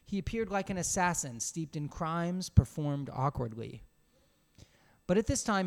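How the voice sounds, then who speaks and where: A man reading a story aloud in a small room alone, expressive, with casual asides. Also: a little high, moderate pace. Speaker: reader.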